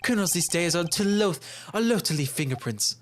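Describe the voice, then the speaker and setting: A man's voice: high-pitched, lively intonation, brisk, slight background noise, voice pushed up. A man voicing a flamboyant, condescending male prosecutor in a fan-dubbed courtroom game, theatrical and over-articulate. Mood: mocking.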